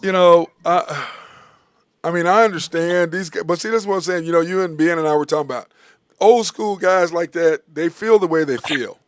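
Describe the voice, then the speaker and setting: A man hosting a casual sports talk show, animated and rambling, laughing often and filling his talk with "uh" and "I mean". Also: a little high, moderate pace, smooth, no echo, studio quality.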